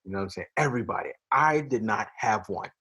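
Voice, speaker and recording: A man's voice: on the low side, fast, breathy edge. A man, a singer as guest, chatting casually in an interview and acting out quotes as he tells stories. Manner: animated storyteller, acts out quotes.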